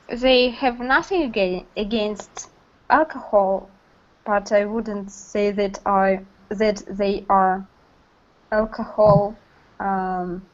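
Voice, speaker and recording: A woman student answers slowly in an online English class, pausing often and filling the gaps with ums. She speaks at a middle pitch and an unhurried pace. The call audio is muffled and lo-fi. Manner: slow, hesitant, many fillers. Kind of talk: class discussion.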